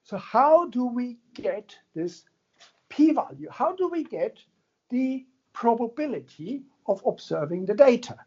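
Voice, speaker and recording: Male lecturer, unhurried and animated, mellow husky tone, dull lo-fi recording. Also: extremely high pitch. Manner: conversational, jokey, checks in with the audience. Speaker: university lecturer. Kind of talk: classroom lecture.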